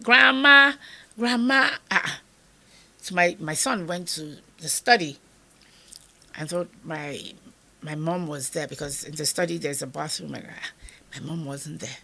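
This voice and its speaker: A woman's voice: deep voice, a little slow, gravelly, pauses often, fairly bright tone, husky. A Nigerian woman in her fifties, an interview guest telling an emotional personal story and acting out the dialogue as she goes. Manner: vivid retelling that acts out the dialogue.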